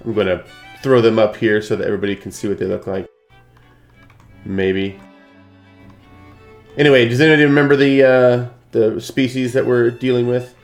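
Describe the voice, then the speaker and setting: A man running a tabletop game over a video call, chatty and rambling with plenty of filler words. His voice sits in an ordinary middle pitch, with faint music underneath. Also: steady tone, moderate pace, pauses often. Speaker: game master. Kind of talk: casual live-stream game hosting.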